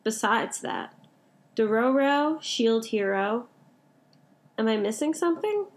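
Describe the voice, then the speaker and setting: A woman's voice: a little high, expressive, takes it slowly. A young woman co-hosting a casual anime chat, gushing and filling her talk with "like". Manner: gushing, heavy use of "like". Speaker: podcast co-host.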